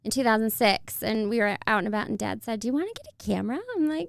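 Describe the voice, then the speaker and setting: A woman's voice: fairly high pitch, fast talker, creaky, hardly any pauses, a bit bright, clean tone, no room sound, clean studio sound. A young woman, a family photographer, chatting in an interview, fond and laughing often as she talks about children. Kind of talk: casual interview chat.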